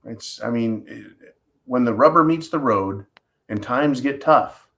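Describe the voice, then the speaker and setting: A man's voice: medium pitch, slow pace, fairly bright tone. A man hosting an opinion commentary monologue, sarcastic and blunt, often tossing in "right?". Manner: sarcastic, keeps asking "right?". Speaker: host.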